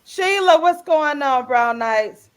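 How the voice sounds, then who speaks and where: A woman hosting a casual radio talk show, lively and chatty, greeting listeners by name. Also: high-pitched, takes it slowly. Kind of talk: casual group chat on radio. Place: radio studio.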